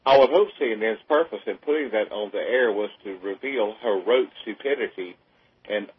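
A man with a low, husky voice talks as a radio guest. He is earnest and measured, pausing often between thoughts. He comes through a thin, tinny phone line. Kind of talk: casual radio talk.

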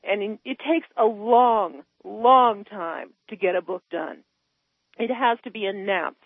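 A woman calling in to a talk radio show, ranting about politics with passion, her voice climbing high when she is upset. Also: measured pace, breathy edge, no room sound. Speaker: caller. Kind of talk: heated political phone-in rant. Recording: tinny phone line.

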